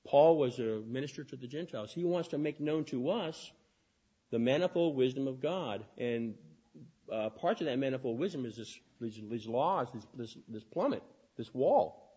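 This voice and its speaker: A man preaching a sermon, talking fast and often restarting his phrases. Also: mid-range voice, mellow, husky, lo-fi sound.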